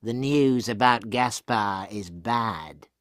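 A man voicing a sly English spy in an audiobook, asking slow, prying questions. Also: fairly low pitch, a bit bright, no room sound, clean studio sound.

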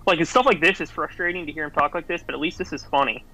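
Give me a blunt, foul-mouthed male co-host with a bright, tense voice. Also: on the high side, very fast, poor audio. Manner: blunt, swears freely. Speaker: podcast co-host. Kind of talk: casual chat.

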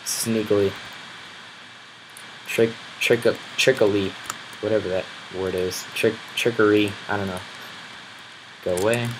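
A man giving casual commentary over his own gameplay, grumbling and bursting into loud exclamations when enemies attack. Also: lowish voice, noisy background. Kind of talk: casual let's-play commentary.

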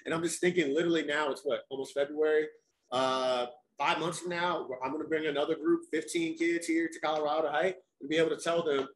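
A man's voice: a little high, fairly even intonation, quick pace, rough recording. Passionate, enthusiastic man guest. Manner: enthusiastic and passionate, repeats for emphasis. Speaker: guest, leads youth hiking groups. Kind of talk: casual panel conversation.

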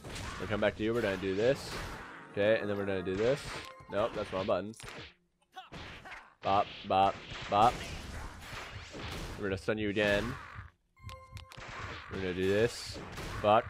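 A young man hosting a gaming video, boasting, joking and yelling at the game as he plays. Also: on the low side, level tone, normal speed, long pauses, over music. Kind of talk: gameplay commentary.

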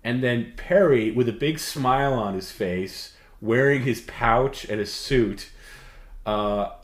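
A man co-hosting a livestream, lecturing with halting restarts. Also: mid-range voice. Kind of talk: casual chat. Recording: roomy sound over loud music.

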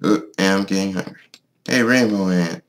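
A man giving casual let's-play commentary on his own game, excitable, swearing and yelling at the creatures on screen. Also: low voice, normal speed, slight background noise. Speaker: gaming video host.

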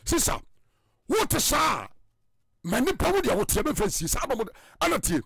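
A man with a Ghanaian accent preaching in an emphatic way that keeps rising to loud bursts. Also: very high voice, very animated, normal speed, gravelly, husky, no echo, clean studio sound. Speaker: evangelist. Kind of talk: preaching in Twi and English.

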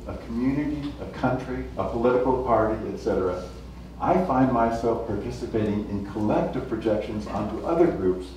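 A man giving a public lecture in a measured, explanatory way, illustrating points with small anecdotes. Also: fairly low pitch, darkish tone, slight background noise. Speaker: guest lecturer. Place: lecture hall. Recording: echoey hall, mic from a distance.

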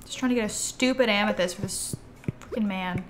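A woman's voice: medium pitch, fairly quick, soft background music. A young woman game streamer chatting casually and playfully to her chat while she plays, reacting aloud to what she finds.

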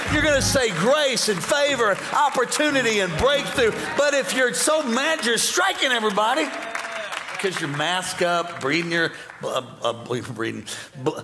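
A man preaching a sermon as pastor, joking with the congregation and bursting into shouts and mock voices. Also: extremely high pitch, noisy background. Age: older.

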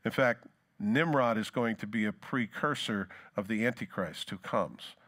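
A male pastor preaching a sermon, reading scripture dramatically and talking to the congregation in casual asides. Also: a little slow. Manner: dramatic scripture reading, rising loud then dropping low.

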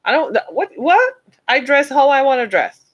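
An animated American woman with a high-sitting voice talks a little fast, urging on her listeners, whom she calls "y'all," in a preacher-style motivational address. The audio sounds dull.

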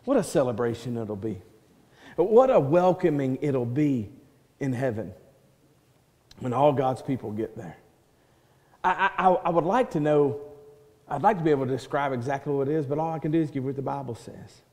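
A male pastor preaching a sermon, swinging from loud proclaiming to soft hushed quoting and restarting words as he builds a point. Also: medium pitch, lively intonation, moderate pace, pauses often. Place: church sanctuary. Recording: church hall reverb.

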